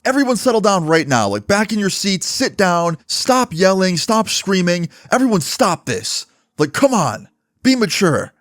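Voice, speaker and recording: A frazzled male teacher yells at a noisy classroom in a strained, squeaky voice, as a man acts him out. He sounds pushed past his limit. The recording is dry and close. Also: very animated, measured pace, dry recording, full character voice. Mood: exasperated. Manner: shouting, strained and high. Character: exasperated male teacher scolding a rowdy class.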